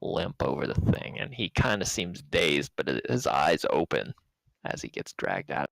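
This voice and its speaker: A man running a tabletop role-playing game, narrating the action in a relaxed, casual way. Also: very deep voice, normal speed, gravelly, no room sound, low-quality recording. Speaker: game master.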